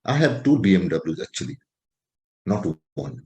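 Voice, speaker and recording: A man's voice: sits low, big pitch swings, moderate pace, creaky, dark tone, lo-fi sound, pitched below the performer's own voice, heavily acted. A man acting out a boastful, self-important male patient who shows off his wealth to his doctor. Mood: bragging. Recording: roomy echo.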